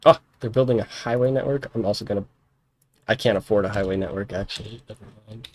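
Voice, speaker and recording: A man's voice: lowish voice, quick pace, darkish tone, no room sound, rough recording. A man live-streaming a political role-play game, speaking as a head of state who keeps calling the other player "my friend", then muttering to himself as he plays. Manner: shifts into a mock diplomat voice, repeats "my friend". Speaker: streamer playing Pakistan's leader.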